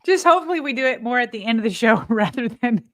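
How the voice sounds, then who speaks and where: A woman co-hosting a podcast, chatting casually, teasing and quick, laughing often. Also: fairly high pitch, animated, no echo, clean studio sound. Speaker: podcast co-host. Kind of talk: casual chat.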